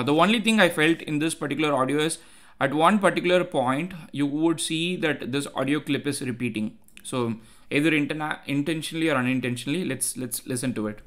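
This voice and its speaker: A man's voice: medium pitch, fairly bright tone. A man hosting a tech tutorial, casually walking through code with many fillers like "uh" and "like". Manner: explanatory, loose, many fillers like "uh" and "like"; talks to himself while looking things up. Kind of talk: casual screen-share coding walkthrough.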